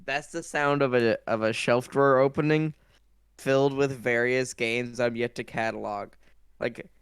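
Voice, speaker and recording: Guy podcasting, smooth clear voice, gets all ranty and emphatic. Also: medium pitch, steady tone, normal speed. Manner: emphatic, ranting in bursts. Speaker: podcast host. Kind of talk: casual chat.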